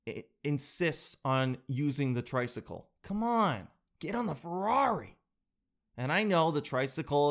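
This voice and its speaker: A man with a voice a little higher than most, spinning a comic rant. He talks in an animated, exaggerated way and pokes fun at himself as he goes. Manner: animated, exaggerated, self-mocking. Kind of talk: comedic storytelling rant.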